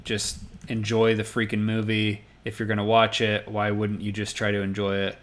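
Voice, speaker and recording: A man hosting a film podcast in a relaxed, rambling, self-deprecating way. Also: on the low side, normal speed. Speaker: podcast host. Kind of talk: casual podcast chat.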